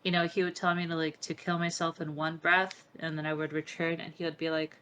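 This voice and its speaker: Low-pitched young woman telling her story in an interview, swears a lot, says like constantly, english isnt her first language. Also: level tone, fairly quick, hardly any pauses, a bit bright, dull audio, slight background noise. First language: not English. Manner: emotional, profane, heavy filler use. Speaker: interview guest. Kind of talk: candid interview conversation.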